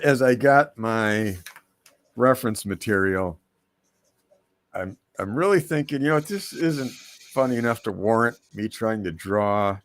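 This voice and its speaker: A guest cartoonist chats casually on a live stream, pitching a comic idea with some wry teasing.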